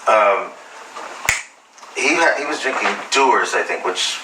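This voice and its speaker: An actor playing a hesitant man who tells a story haltingly with many pauses and restarts. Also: lowish voice, animated, far from the mic, background noise. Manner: halting, full of fillers and restarts. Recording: roomy and off-mic.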